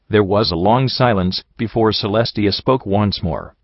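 A man narrating a first-person story in a steady reading voice. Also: on the low side, normal speed, no echo, lo-fi sound.

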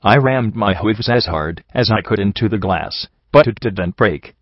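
A man reading a first-person story aloud in a steady, grim way. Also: lowish voice, unhurried, no room sound. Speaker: audiobook reader. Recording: dull lo-fi recording.

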